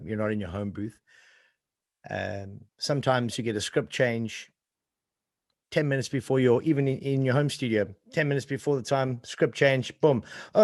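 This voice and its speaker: A man's voice: mid-range voice, dry recording, studio quality. An exuberant man with a South African accent, a voice-over coach answering interview questions and acting out sample reads. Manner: exuberant, sings out sounds and demonstrates reads.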